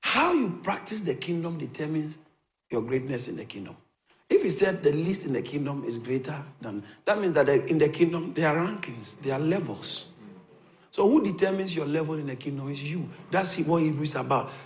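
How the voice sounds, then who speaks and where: Man preaching a sermon, kinda high voice, keeps repeating himself n asking the crowd if they're with him. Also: lively intonation, moderate pace. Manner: rhetorical questions to the congregation, repeats phrases for emphasis.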